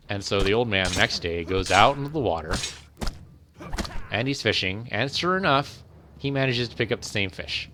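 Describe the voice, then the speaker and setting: A man's voice: on the low side, animated, normal speed, noisy background. A man hosting a game video, casually retelling a fairy tale in a rambling, conversational way. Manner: rambling, conversational, repeats phrases. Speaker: let's play host. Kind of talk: casual storytelling while playing.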